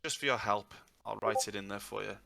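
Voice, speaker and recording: Gravelly bright-voiced man telling jokes. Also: fairly low pitch, fairly quick. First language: English. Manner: jokey, animated storytelling. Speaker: guest Welsh teacher. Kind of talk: casual live chat. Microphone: online call audio.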